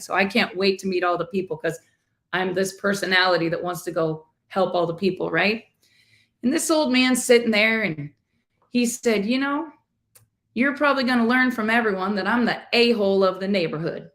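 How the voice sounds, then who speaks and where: A middle-aged woman and life coach, chatting casually as she retells a story and acts out the people in it. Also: medium pitch. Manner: chatty, animated retelling with quoted voices.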